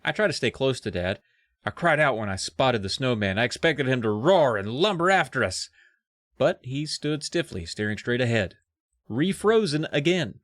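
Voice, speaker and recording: A man co-hosting a podcast who chats casually and reads a children's book aloud in an expressive way. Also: medium pitch, no room sound. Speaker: podcast co-host. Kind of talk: casual chat and reading aloud.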